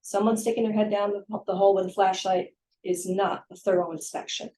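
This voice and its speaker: A woman's voice: mid-range voice, little pitch movement, a little fast, warm tone, low-quality recording. A woman giving public comment at a town hearing, direct and firm. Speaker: resident speaking at public hearing.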